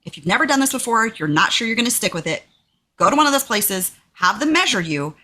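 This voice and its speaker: A fairly high-pitched woman from Texas speaks at a quick pace while co-hosting a podcast. Chatting casually, she tells a story and animatedly raises her voice to act out quotes.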